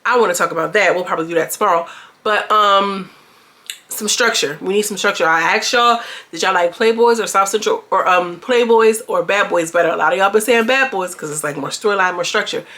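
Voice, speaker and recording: A woman's voice: mid-range voice, fairly quick, pushed and bright. A woman chatting loosely through a reality TV recap in a mid-range voice, calling out to her viewers with slang. Her delivery is casual and conversational, like someone telling friends what happened on the latest episode. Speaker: reality TV reviewer.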